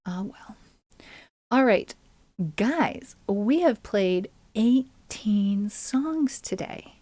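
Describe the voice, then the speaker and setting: A woman's voice: medium pitch, animated, extremely slow, mellow, no room sound. A woman music streamer chatting casually and playfully with her live viewers between songs. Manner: playful, chatty, talking straight to her audience. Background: her own ukulele.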